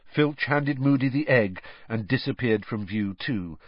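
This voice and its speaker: A man narrating an audiobook with a dramatic, animated reading and a lively, swooping pitch. The sound is dry, with no room echo, and slightly dull. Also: slow.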